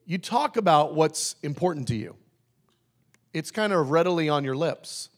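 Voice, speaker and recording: A pastor preaching a sermon in a conversational way, slowing down to stress key phrases. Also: male voice, a little high, lively intonation. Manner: conversational, with restarts and emphatic slowed phrases.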